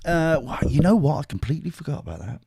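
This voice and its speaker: A man hosting a casual podcast chat, laughing often and swinging between high and low notes. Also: sing-song, quick pace, gravelly, mellow, slightly rough, no echo, clean studio sound. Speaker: podcast host.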